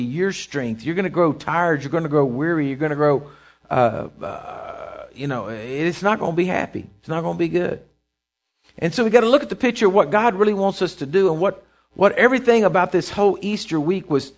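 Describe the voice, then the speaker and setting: A man preaching a sermon as pastor, building intensity with repeated phrases and dropping low for emphasis. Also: muffled recording.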